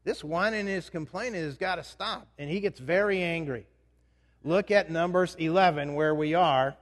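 A man preaches at a normal speed with a slightly high voice, his sermon echoing in a reverberant hall. As a pastor, he keeps things conversational and often poses questions to the congregation.

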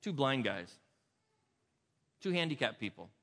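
Male pastor, sermon, emphatic loud-to-hushed delivery, bright edge, reverberant hall. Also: medium pitch, big pitch swings, a little slow. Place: church sanctuary.

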